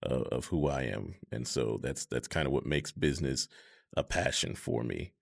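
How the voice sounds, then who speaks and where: A man in his thirties in a casual conversation, talking in a measured, reflective way with many fillers. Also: a bass voice, lively intonation, gravelly. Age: 30s.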